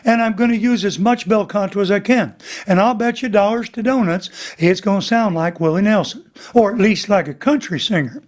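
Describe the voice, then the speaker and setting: A man's voice: high voice, fairly quick. An older man, a vocal coach, explaining singing technique in a casual interview and breaking into sung examples; he says his voice is damaged. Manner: animated, breaks into singing demonstrations.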